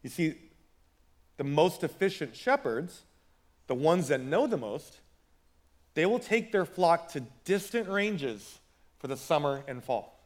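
High-voiced conversational male preacher. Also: very animated, measured pace, pauses often. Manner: conversational, repeats words when building a point. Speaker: pastor. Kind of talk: sermon.

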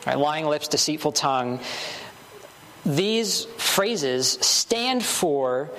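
Preacher, male, slightly high voice, earnest repetitive sermon delivery, faint background hiss. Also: sharp tone. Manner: earnest, building emphasis with short repeated phrases.

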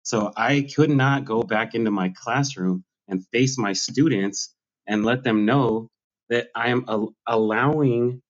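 A man, a schoolteacher, explaining his stand in a resolute, principled way. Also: mid-range voice. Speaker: striking schoolteacher. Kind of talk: conversational interview answers. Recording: slightly dull lo-fi sound.

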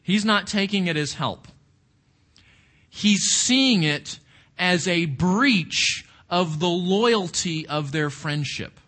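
A man's voice: sits high, lively intonation, takes it slowly, pushed and bright. A man leading an interactive Bible study, reflective, often asking the group questions and repeating words as he thinks.

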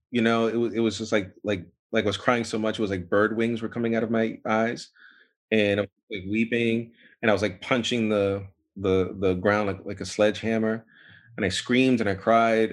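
A man, a podcast guest, telling a long personal story in a rambling, animated way, full of fillers and restarts. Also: on the low side. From United States. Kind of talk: casual storytelling interview.

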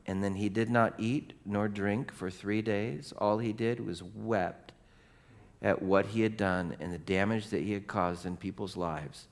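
Preaching with lively storytelling and relaxed conversational asides, this middle-aged pastor has a voice on the low side.

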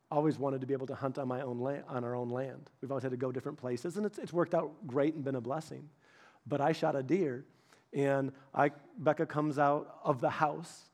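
A middle-aged male pastor preaching a sermon, telling personal stories in an animated, humorous way with frequent restarts. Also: fairly high pitch.

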